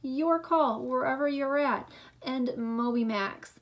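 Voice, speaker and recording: A young woman teaching a remote lesson to young schoolchildren, speaking slowly and clearly with a drawn-out teacher delivery. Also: high voice. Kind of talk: remote class video lesson.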